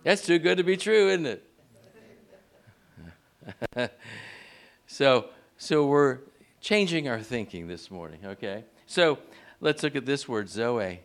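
Male preacher in church, animated sermon delivery with congregation repeating after him; clean, resonant voice. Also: slow pace, pauses often. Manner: call-and-response preaching, asks the congregation to repeat; animated, swings pitch up on key words. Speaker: pastor.

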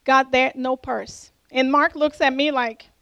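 A middle-aged woman with a non-native English accent, giving an animated testimony and acting out the conversations in her story. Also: measured pace, no room sound, muffled recording. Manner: animated, acts out dialogue with lively pitch jumps. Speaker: church member giving a testimony.

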